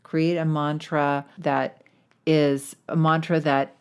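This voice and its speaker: Low-voiced, encouraging woman coach. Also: slow pace, smooth. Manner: chatty, encouraging, animated emphasis. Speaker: weight loss coach and podcast host. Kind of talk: podcast monologue.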